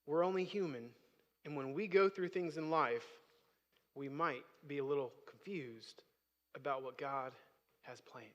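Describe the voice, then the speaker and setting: A man's voice: a little high, a little slow, fairly bright tone, lo-fi sound. A man preaching a sermon as pastor, speaking conversationally and rising to emphatic bursts. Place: church sanctuary. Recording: long hall reverb.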